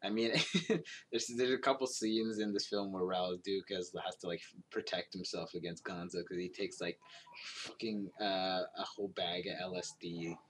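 A man talking casually about a film, halting and repeating words, sometimes dropping to a near-whisper. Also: sits low, fairly even intonation, a little hiss or hum.

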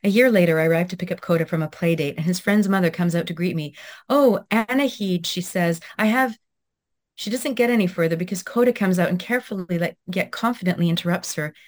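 A woman in her thirties, a guest talking reflectively in an interview with many pauses and restarts, then reading her own essay aloud. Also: lowish voice. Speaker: guest author.

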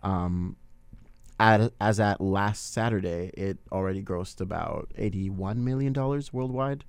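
A man's voice: fairly low pitch, measured pace, clean tone, no room sound. A man casually chatting about a movie with friends, rambling with many fillers. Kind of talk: casual movie review chat.

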